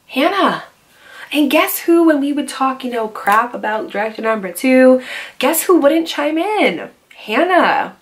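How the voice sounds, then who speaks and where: Animated young woman telling a story. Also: sits high, a little slow. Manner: animated, swearing, acting out quoted voices. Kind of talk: casual storytime monologue.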